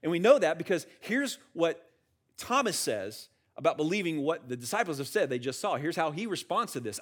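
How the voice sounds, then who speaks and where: A man preaching a sermon in a conversational, animated way, asking the listeners questions and acting out the words of biblical figures. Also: fairly high pitch, brisk. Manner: acts out quotes of biblical figures. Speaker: pastor.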